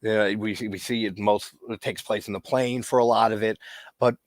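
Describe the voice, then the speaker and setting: A man with a low voice hosts a live-stream interview. He asks long, rambling questions full of fillers, like an eager fan. His voice sounds dry and close, with no room behind it. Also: fairly even intonation, moderate pace, dry recording. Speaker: host.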